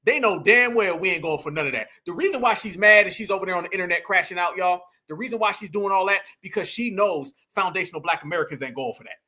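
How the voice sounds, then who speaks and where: A man with a high, bright voice runs a live reaction stream, talking fast and barely pausing. He uses loose slang and speaks emphatically, challenging the clips he plays with pointed rhetorical questions while addressing his chat directly.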